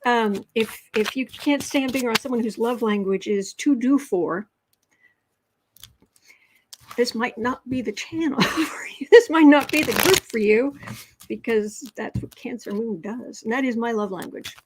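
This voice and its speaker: A woman's voice: on the high side, normal speed, few pauses, noisy background. Chatty woman reading tarot live. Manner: chatty, reads viewer comments aloud, frequent laughs and restarts. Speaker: tarot livestream host. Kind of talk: casual livestream tarot reading.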